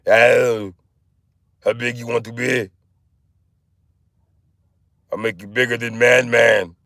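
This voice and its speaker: A man's voice: mid-range voice, flat delivery, fairly bright tone, no echo, studio quality. A man putting on a boastful bodybuilder-trainer impression, barking hyped-up workout advice into a phone. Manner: barking, hyped-up coaching with drawn-out instructions.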